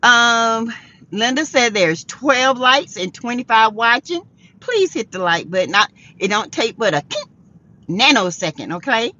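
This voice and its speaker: A woman's voice: fairly high pitch, expressive, unhurried, sharp tone. A woman hosting a casual live chat, tired, laughing often and greeting viewers by name. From South Carolina. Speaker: livestream host. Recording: dull lo-fi sound.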